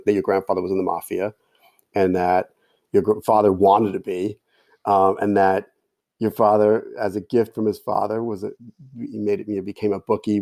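Gravelly low-voiced man telling a story. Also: dry recording. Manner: animated, quotes others in his own voice. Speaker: podcast guest, storyteller. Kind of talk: casual storytelling.

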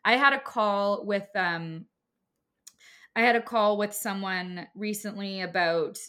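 A woman in her thirties, a business owner and course creator, chats on a casual podcast in a medium-pitched, sharp voice at a slow pace. She's emphatic and talkative, filling her speech with "like" and other fillers.

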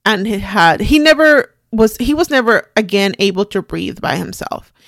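A middle-aged woman hosting a podcast, telling a personal story in a halting, quiet, shaken way with many restarts. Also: medium pitch, animated, dry recording, clean studio sound. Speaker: podcast host.

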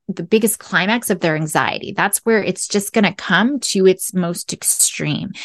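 A woman's voice: mid-range voice, no echo, clean studio sound. A woman hosting a parenting podcast, explaining in an earnest way and often checking in with "right?" and "okay?". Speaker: podcast host.

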